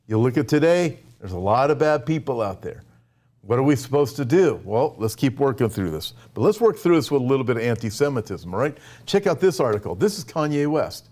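A male pastor preaching a sermon, retelling scripture in a conversational, animated way with frequent asides. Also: mid-range voice, brisk.

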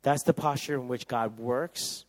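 A man's voice: mid-range voice, measured pace, low-quality recording. Man preaching with dramatic swings. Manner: dynamic, swings from loud emphatic to soft hushed. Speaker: pastor. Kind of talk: sermon.

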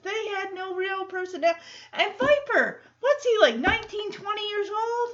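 A woman's voice: very high-pitched, expressive, normal speed, a bit bright, dull audio. A woman hosting a podcast, recapping a TV episode in a chatty, rambling way and acting out the characters' lines as she goes. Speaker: podcast host.

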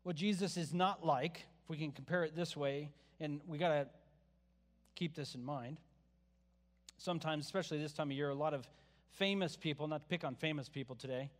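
A fairly high-voiced man preaching in a relaxed, conversational way, with joking asides to his listeners. His voice rings out with a long reverb trail, as in a large hall. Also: a little fast. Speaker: pastor. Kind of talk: sermon.

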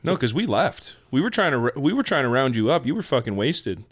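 A man's voice: mid-range voice, very animated, a little fast, dry recording, studio quality. A young man, a band member and podcast guest, teasing his bandmate in casual chat. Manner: teasing and joking.

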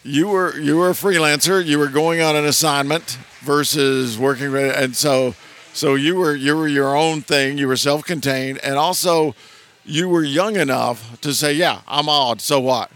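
A man's voice: fairly high pitch, fairly even intonation, normal speed, a bit bright. A man with a Southern American accent telling stories in conversation, often restarting sentences and acting out quoted voices. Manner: anecdotal, acts out quoted voices, frequent restarts. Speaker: guest. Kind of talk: storytelling conversation.

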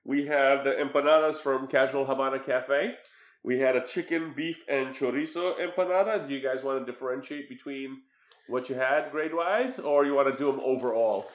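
A man's voice: medium pitch, normal speed. A man hosting a casual podcast chat, laughing often and steering the conversation. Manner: laughs often, leads the food review. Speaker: podcast host. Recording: roomy, slightly dull sound.

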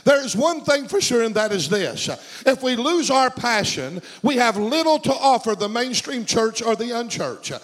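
A high-pitched man delivers a storytelling sermon. He circles back on his phrases and builds fervor as he preaches, in the manner of a middle-aged pastor. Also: animated, normal speed, hardly any pauses, a bit bright, poor audio. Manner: storytelling preacher, fervent and repetitive.

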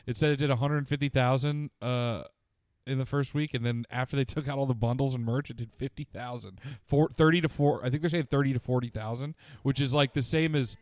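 A young man riffing in loose, profane banter, full of laid-back slang and rambling asides. His voice sits at an average pitch. The sound is dry and close, with no room around it. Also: fairly even intonation, a little fast, a little mellow, no echo. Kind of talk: casual banter.

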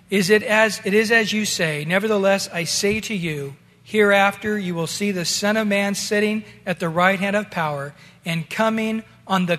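A male pastor preaching a sermon in a relaxed, conversational way, talking to his listeners as guys. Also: high voice, in a large hall.

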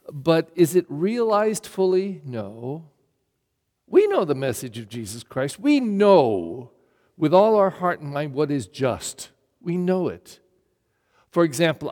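A man's voice: mid-range voice, a little mellow. A middle-aged male pastor giving a blunt, emphatic sermon full of rhetorical questions during Mass. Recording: long church reverb.

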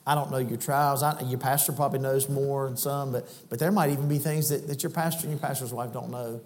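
A man preaching a sermon in a church, shifting between folksy storytelling and loud, high-pitched exhortation. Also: fairly even intonation, a little fast, slight background noise. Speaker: guest preacher. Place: church sanctuary. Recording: church hall reverb.

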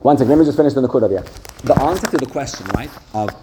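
Male yeshiva teacher, mid-pitched, lively storyteller in a casual Torah class, faint background hiss. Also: rapid-fire. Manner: animated, conversational, acts out the voices in his stories.

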